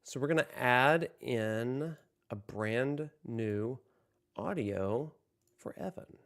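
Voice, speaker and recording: A man's voice: mid-range voice, animated, takes it slowly, a bit bright. A man hosting a casual livestream from home, joking, laughing often and chatting directly to his viewers. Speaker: livestream host.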